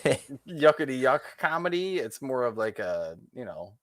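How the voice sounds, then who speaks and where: A man's voice: medium pitch, big pitch swings, moderate pace. A man hosting a podcast, chatting casually about a movie in a loose, rambling way with lots of fillers. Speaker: podcast host. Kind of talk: casual chat.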